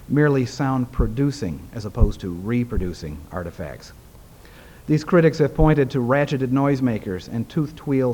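A man reads a prepared talk aloud to a gathering. His delivery is measured and formal, and his pitch sits in a middle range. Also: darkish tone. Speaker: presenter. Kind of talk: reading a prepared paper aloud.

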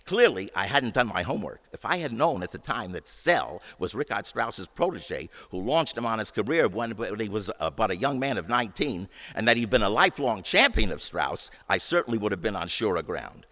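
A man telling a wry, expressive anecdote about his years in the record business. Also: lowish voice, brisk, few pauses, in a large hall. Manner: wry, expressive, acts out dialogue. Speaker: storyteller recalling his record-industry career. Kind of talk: anecdotal storytelling.

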